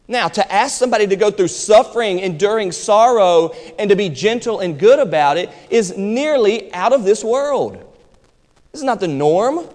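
A man preaching a sermon as pastor in a church, with emphatic delivery that moves between quick asides and slow, stressed phrases. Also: high voice, lively intonation, a little mellow. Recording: hall reverb.

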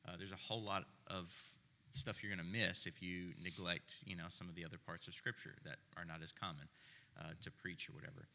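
A man with a low voice but a very bright, sharp tone speaks in a measured way as a pastor on a panel. The sound carries the long reverb of a large hall. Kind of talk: church panel discussion.

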